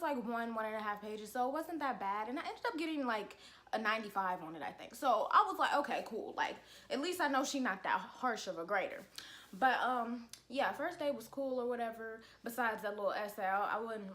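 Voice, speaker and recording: A woman's voice: a little high, brisk. Chatty young woman telling a story. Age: young adult. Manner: chatty and expressive, rising to loud exasperated rants. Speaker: college student vlogger. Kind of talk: casual storytime vlog. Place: at home, indoors.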